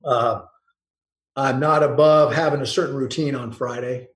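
A man's voice: medium pitch, fairly even intonation, normal speed, reverberant, poor audio. A man, a football coach, telling long casual anecdotes with frequent restarts and small laughs. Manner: rambling anecdotes with restarts and chuckles. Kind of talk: casual storytelling interview.

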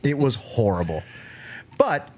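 A man's voice: medium pitch, wildly swooping pitch, a little slow. A man hosting a podcast, chatting casually and telling a story with easy laughs. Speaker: podcast host.

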